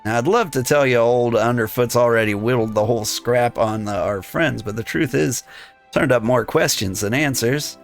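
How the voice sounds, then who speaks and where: A man voicing a sly male rogue, talking in rough thieves' slang. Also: mid-range voice, moderate pace, faint music behind, close to an everyday voice. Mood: scheming. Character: gruff male rogue guild member, sly and streetwise. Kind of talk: reading game dialogue aloud.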